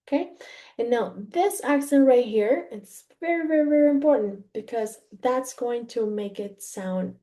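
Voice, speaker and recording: Woman from Mexico, language teacher; mellow tone, unhurried, patient explaining. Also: on the low side. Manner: patient, repeats "okay?" after each point, slow and careful. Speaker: Spanish teacher. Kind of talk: explaining grammar to learners.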